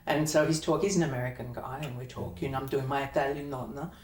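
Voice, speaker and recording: Low-voiced woman, chatty actor guest. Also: steady tone, fast talker, a little mellow. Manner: chatty, rambling, laughs often. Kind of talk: casual interview chat. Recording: echoey room, mic at a distance, faint noise.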